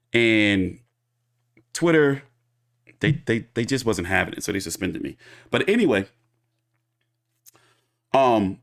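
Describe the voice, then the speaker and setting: A man's voice: lowish voice, creaky. A man hosting a boxing commentary show, telling a story in a casual, profane monologue and acting out the people he quotes. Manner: animated, profane, acts out quoted people in his retelling.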